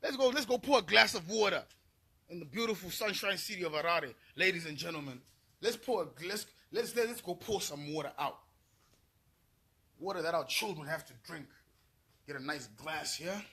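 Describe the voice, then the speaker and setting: Heated, profane man with a husky voice. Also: fairly high pitch, lively intonation, moderate pace, sharp tone. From Zimbabwe. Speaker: vlogger. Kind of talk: angry rant to camera.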